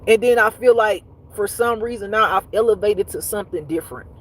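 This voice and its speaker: Speaking to her audience on a relaxed livestream, a spiritual teacher recounts stories with animated, profane energy and frequent laughs, also reading comments aloud. Her medium-pitched voice is husky and slightly breathy, fairly quick, and the audio is poor.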